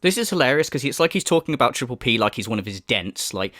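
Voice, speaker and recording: A man's voice: mid-range voice, big pitch swings, quick pace, few pauses, a bit bright, dry recording, clean studio sound. Profane, mocking male ranter. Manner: profane, mocking, mimics in sneering voices. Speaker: commentary YouTuber. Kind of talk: ranting commentary.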